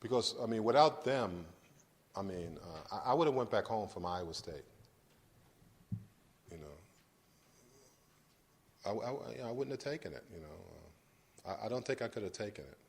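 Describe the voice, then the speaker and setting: Speaking in a lowish voice with lively intonation and frequent pauses at a normal speed, a middle-aged man guest-lectures informally at a university. He talks to the audience conversationally, often restarting and repeating, and asks "does that make sense."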